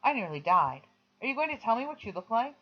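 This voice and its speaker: A cheeky teenage girl, as a reader puts her on, lifts her voice high and bright and needles the boy next door. The recording sounds slightly dull and lo-fi. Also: very animated, fast. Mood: chatty. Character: chatty teenage girl patient, teasing.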